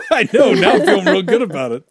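A man co-hosting a podcast, playing trivia in casual banter, excitable, swearing often and laughing a lot. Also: sits high, moderate pace, over a noisy crowd.

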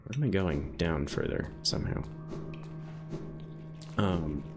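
A man's voice: deep voice, lively intonation, slow pace. A young man from the northeastern United States streaming a video game, chatting in a rambling, easygoing way full of "um"s and "like"s. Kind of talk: casual live-stream commentary while gaming. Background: game music.

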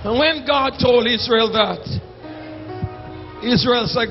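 A Jamaican bishop preaching at full volume, his voice pitched high and stretched out slowly over each plea. Music plays under him, and the recording sounds dull and lo-fi, like an old church tape. He drops into a singsong chant between his shouted calls to the congregation. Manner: shouting, drawn-out exhortation, singsong pleas. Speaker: bishop and senior pastor. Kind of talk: fiery preached sermon with call and response.

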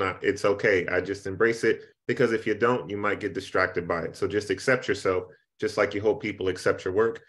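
A man who teaches and writes poetry, giving calm, reassuring advice in a workshop over a video call. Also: lowish voice. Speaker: teacher and poet.

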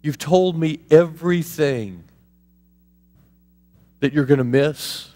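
Male pastor, animated and chatty, preaching in a reverberant church hall. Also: a little high, takes it slowly. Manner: animated, conversational preaching with laughs and asides. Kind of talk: sermon.

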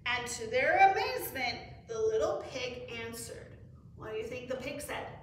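A woman librarian reading a picture book aloud to children in an expressive, animated way, asking them questions, in a library room. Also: a little high, moderate pace, noisy background. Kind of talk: children's story time reading. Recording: echoey room, far from the mic.

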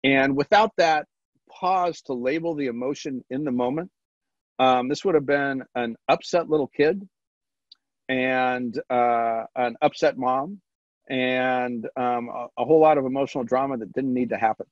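A man presenting a stress management webinar in a relaxed, conversational way, pausing often with ums and restarting his sentences. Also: medium pitch, no echo. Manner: halting, with frequent ums and restarts. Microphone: video call. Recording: dull lo-fi webinar audio, dry.

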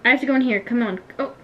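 A teenage girl chatting casually while playing an online game, giggly and quick to complain, then wrapping up her vlog. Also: high voice, wildly swooping pitch, muffled recording, slight background noise. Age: teens. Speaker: YouTuber. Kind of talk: casual gaming vlog chat.

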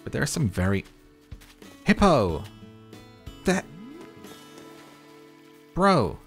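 A man hosting a gaming video, chatty and jokey as he plays a cozy life-sim game. His pitch swings lively, up and down, from line to line. Faint music runs underneath. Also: drawn-out words, vocal fry. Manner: chatty, reads villager lines aloud, jokey. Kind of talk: playful gameplay commentary.

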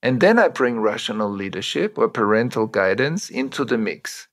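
Middle-aged male guest, mid-pitched, measured and reflective; draws on personal examples. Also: animated, a bit bright. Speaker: interview guest, trauma teacher. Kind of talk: reflective interview talk.

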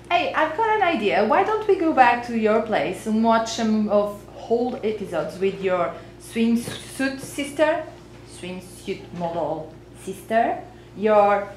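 A woman's voice: a little high, very animated, takes it slowly, darkish tone. A woman acting a fed-up father next door who talks in a dry, sarcastic way. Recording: echoey room, faint hiss.

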